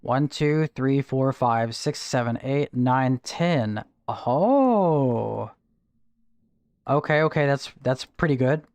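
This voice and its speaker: A man's voice: medium pitch, fairly even intonation, measured pace, few pauses, a little mellow, smooth, no room sound. A man streaming a game live, chatting casually, answering chat and counting out spins, with no regional accent. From Texas. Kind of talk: casual live gameplay commentary.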